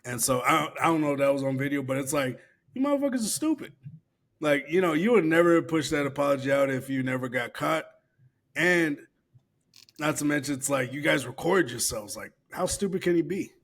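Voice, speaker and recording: A man's voice: fairly high pitch, a little fast, a bit bright. Laid-back profane podcast guy. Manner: loose, profane, laughing while reading aloud. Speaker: podcast co-host. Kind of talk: casual podcast chat.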